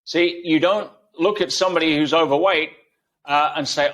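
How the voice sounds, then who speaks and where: A man's voice: a little high, fairly quick, a bit bright. A man guest in an interview, explaining ideas emphatically through everyday analogies. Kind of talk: conversational interview.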